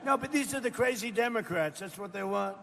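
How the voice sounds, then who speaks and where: High, gravelly older man addressing a crowd. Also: animated, fairly quick, fairly bright tone, a little hiss or hum. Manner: rambling, boastful, asks the crowd questions. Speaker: political speaker. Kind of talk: off-the-cuff campaign-style speech. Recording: reverberant hall with faint background ambience.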